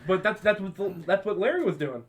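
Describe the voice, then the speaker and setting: A young man hosting a podcast, telling high school stories to friends in a casual way, often laughing and acting out what his friends said. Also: sing-song, a little fast, slight background noise. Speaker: podcast host. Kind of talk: casual storytelling among friends.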